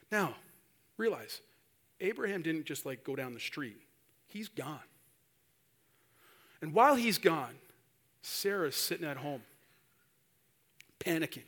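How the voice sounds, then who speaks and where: A man's voice: a little high, very animated, slow, pauses often, fairly bright tone. A male preacher giving a sermon, telling a story animatedly and acting out the voices of the people in it.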